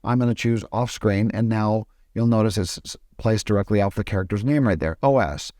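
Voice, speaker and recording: A man teaches film production in a relaxed tutorial, talking over his screen. His voice sits a little low and sounds dry and close, with no room around it. He halts often and restarts his sentences as he explains. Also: fairly quick, dry recording. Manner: hesitant, with frequent restarts. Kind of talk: casual screen-recorded tutorial.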